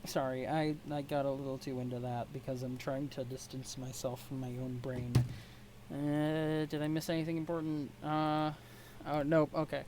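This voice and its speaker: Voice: mid-range voice, little pitch movement, moderate pace, noisy background. A casual host reading a webcomic aloud, rambling and self-deprecating with jokey asides. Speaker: webcomic read-along host.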